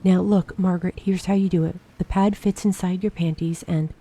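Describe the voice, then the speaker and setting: A gentle, fussing middle-aged mother, flustered and quick to tear up, as a woman reads her in a storybook audiobook. Her voice is very dark and warm, and it lifts higher when she is caught off guard. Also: steady tone. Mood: tender. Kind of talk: audiobook dialogue reading.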